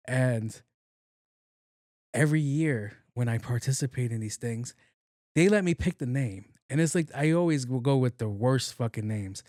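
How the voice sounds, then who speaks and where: A man's voice: medium pitch, lively intonation, moderate pace, a little mellow, no echo, clean studio sound. A man hosting a podcast, telling a workplace story in a casual, profane, joking way and acting out the dialogue. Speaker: podcast host.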